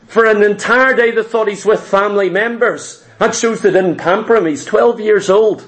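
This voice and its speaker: A man's voice: sits high, moderate pace, hardly any pauses, fairly bright tone. A male preacher delivering a sermon, emphatic and rhythmic, with repeated phrases.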